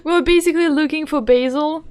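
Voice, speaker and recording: A woman's voice: high voice, a little fast, darkish tone. A woman streaming a game in casual, playful chat, speaking English as a second language and giggling often as she greets her viewers.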